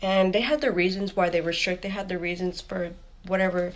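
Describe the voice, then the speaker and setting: A young woman rattles through a personal storytime at a quick clip, blunt and candid, with a fair amount of swearing. Her voice sits a little low for a woman, and she keeps slipping into quoting who said what. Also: steady tone. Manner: candid, blunt, swears freely, quotes people with "I was like". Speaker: storytime creator. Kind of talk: casual storytime monologue.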